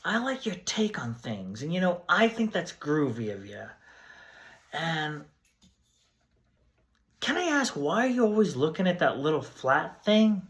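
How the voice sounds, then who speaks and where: A man's voice: a little high, big pitch swings, unhurried, pauses often, pitched above the performer's own voice. Man doing a spaced-out hippie TV host. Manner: drawling slang, mellow and dazed. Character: laid-back male 1970s hippie TV host. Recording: roomy echo.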